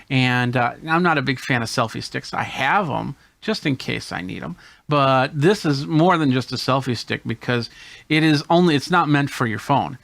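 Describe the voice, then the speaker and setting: Tech host demoing gear, dry sound. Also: male voice, mid-range voice, creaky, fairly bright tone, no room sound. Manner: explains hands-on while demonstrating gadgets. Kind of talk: casual gear demo.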